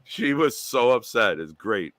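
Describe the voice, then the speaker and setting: A man hosting a casual livestream chat, an animated storyteller who swears casually. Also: medium pitch, measured pace, no room sound. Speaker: host.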